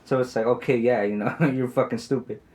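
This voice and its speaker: A man's voice: mid-range voice, steady tone, a little fast, a little mellow. A man in his twenties, a podcast co-host telling a story in casual chat, rambling with many fillers and lots of swearing. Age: 20s.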